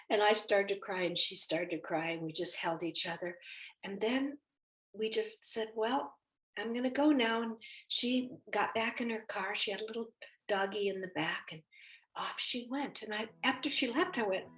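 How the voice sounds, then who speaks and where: Animated woman telling a story. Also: medium pitch, moderate pace. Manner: animated, acts out the people in her story. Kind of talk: personal testimony storytelling. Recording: echoey room.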